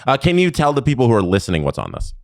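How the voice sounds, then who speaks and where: Casting: Canadian man, jokey podcast co-host, middle pitch, very lively intonation. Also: very fast, dry recording, clean studio sound. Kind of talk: casual sports podcast chat.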